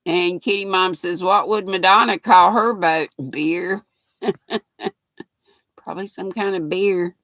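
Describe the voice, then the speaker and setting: Speaking slowly with long pauses, this livestream host has a lowish, fairly bright voice and fairly even intonation. She's an older North Carolina woman with a Southern accent who laughs and chats in a folksy way while reading out comments from viewers, with no room sound in the recording.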